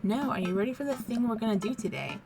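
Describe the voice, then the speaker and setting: A woman reading the lines of an excited, chatty teenage daughter about to leave for college. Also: fairly high pitch, music in the background, lightly acted. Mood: eager. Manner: eager, chatty, quick enthusiasm.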